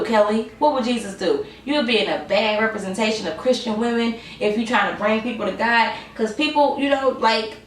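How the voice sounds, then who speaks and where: A tired woman in her twenties giving a sassy, chatty vlog review of a TV show and talking to her viewers as y'all. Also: on the high side. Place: room at home. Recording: roomy sound, mic at a distance.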